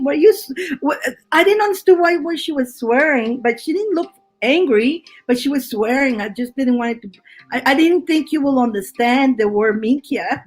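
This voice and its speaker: A woman's voice: sits high, poor audio. A woman giving a live tarot reading, chatty with her viewers and laughing often, her voice worn from laughing. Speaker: tarot reader.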